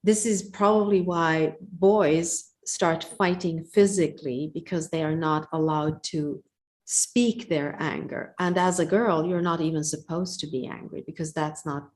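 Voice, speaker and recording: A woman's voice: low voice, steady tone, a little slow, a little mellow. A woman host with a Swedish accent, an attentive listener who murmurs frequent agreement during an interview. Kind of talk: interview conversation.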